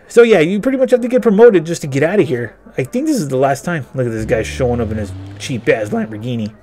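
A man's voice: fairly high pitch, very animated, fast talker, hardly any pauses, mellow, soft background music. A man hosting a casual game walkthrough, rambling through personal stories and swearing a lot. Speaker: gaming video host. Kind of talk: casual let's-play storytelling.

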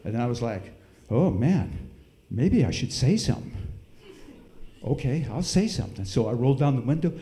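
A man's voice: medium pitch, normal speed, pauses often. Man telling a story in an echoey church. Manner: folksy, animated storytelling with sound effects. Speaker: speaker at a church service. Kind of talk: storytelling in a sermon. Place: church hall.

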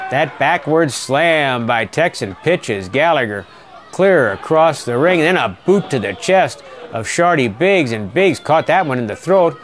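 A middle-aged man giving folksy, excitable play-by-play commentary on a wrestling match. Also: fairly high pitch.

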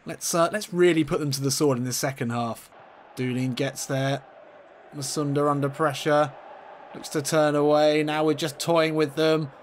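A man commentating his own football video game match in a playful mock-commentator style, getting excitable and leaping up in pitch at chances. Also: normal speed, a little hiss or hum. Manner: excitable, jumps high in pitch at chances, laughs often.

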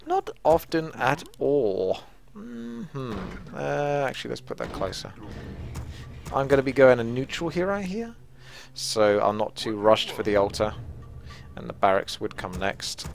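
A man's voice: mid-range voice, lively intonation, normal speed, vocal fry, slight background noise. A man hosting his own gaming channel, giving chatty, self-mocking play-by-play commentary. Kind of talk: live gameplay commentary.

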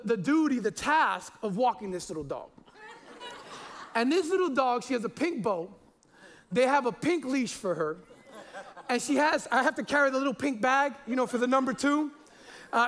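Pastor guy in his 40s, really high voice, jokes around and trips over his words a lot. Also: a bit bright. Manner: chatty and jokey, with many repeated words and fillers. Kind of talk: sermon.

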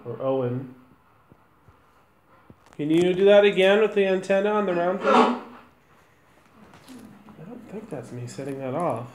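A woman's voice: lowish voice, expressive, measured pace, pauses often. A woman hosting a paranormal investigation, chatting with her group and speaking directly to spirits in an old hotel. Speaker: ghost hunting host. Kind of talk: casual paranormal investigation chat. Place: indoor room of an old hotel. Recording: echoey room, faint noise.

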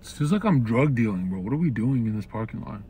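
A man's voice: mid-range voice, animated, quick pace, creaky, mellow, slight background noise. A man streaming from a parked car, chatting casually with his viewers in a crude, rambling, joking way.

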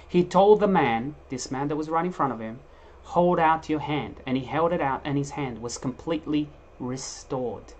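A man preaching with real fire, his voice swelling loud on key points and then sinking low. He stumbles and restarts as he works through scripture, and the sermon feels spontaneous rather than read. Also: normal speed. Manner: emphatic, animated preaching with restarts.

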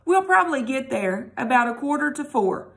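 A worried mother who fusses and apologizes, her voice pitched a little high with a gravelly edge, as a woman teacher reads her part aloud. She sounds anxious about her children. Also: very animated, normal speed, full character voice. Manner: anxious, fussing.

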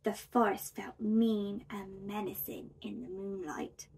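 A woman hosting a children's story channel, reading aloud in a gentle, expressive way. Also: medium pitch, slow. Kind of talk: children's read-aloud narration.

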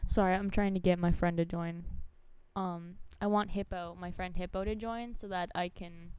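A woman's voice: lowish voice, fairly even intonation, moderate pace, darkish tone, clean tone, no room sound. A woman streaming a survival game live, reacting dramatically to her chat with gasps, squeals and swearing. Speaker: Twitch streamer.

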